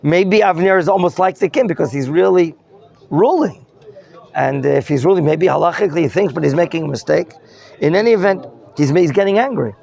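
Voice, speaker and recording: A man with a high voice leads a Bible class in a study hall. He explains each term and keeps turning to his students with questions. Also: lively intonation, a little fast, creaky, a little mellow. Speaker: rabbi teaching a class.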